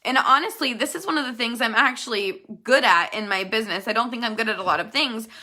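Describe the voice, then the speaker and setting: A woman in her thirties talks earnestly and directly to her sales team in a motivational video. Her voice sits a little high, with a bright, forward tone. She speaks to viewers as "you guys" and coaches them step by step. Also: fast talker. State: emotional, near tears at times. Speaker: network marketing team leader.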